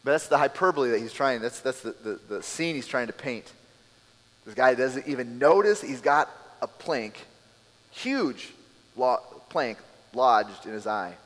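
Animated male pastor preaching in an echoing hall. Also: medium pitch, a little slow. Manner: animated storytelling, acting out scenes. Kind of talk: sermon.

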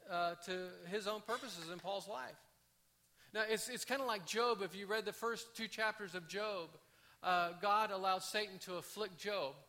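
A man preaching a conversational sermon, often restarting his phrases. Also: sits high. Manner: conversational, animated, with frequent restarts. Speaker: pastor.

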